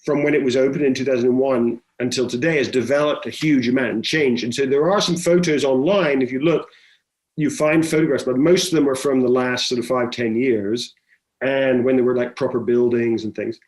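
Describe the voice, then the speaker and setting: A man's voice: medium pitch, a little fast. Chatty middle-aged man telling stories. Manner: chatty, animated storyteller with many restarts. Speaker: film director guest. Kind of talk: conversational interview.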